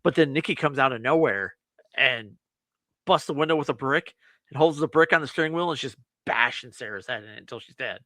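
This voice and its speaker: A man's voice: mid-range voice, brisk, no room sound. A man co-hosting a movie review podcast, animatedly retelling a film's plot and acting out the lines. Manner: animated storyteller, acts out quotes, laughs often. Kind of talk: casual chat, retelling a film plot.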